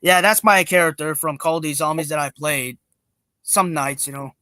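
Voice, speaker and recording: A man's voice: fairly high pitch, normal speed, bright, forceful tone, no room sound. A man chatting as a guest on a livestream, laid-back and rambling. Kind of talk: casual livestream chat.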